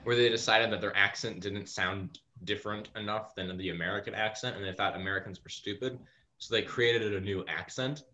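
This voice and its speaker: A man's voice: on the low side, fairly even intonation, brisk, bright, forceful tone. A man acting as game master in a casual tabletop session over a voice call, explaining things at length in an opinionated way. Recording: muffled call audio with faint noise.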